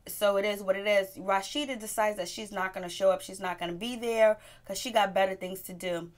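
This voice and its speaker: A woman's voice: medium pitch, steady tone, fairly quick. A woman casually recapping a reality TV episode for her viewers, chatty and circling back with "so anyways". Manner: greets viewers as "my peeps". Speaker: TV show reviewer.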